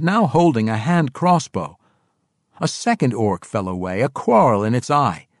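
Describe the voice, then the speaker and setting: A man narrating a fantasy novel in expressive storytelling style. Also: medium pitch, dry recording, studio quality. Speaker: audiobook narrator.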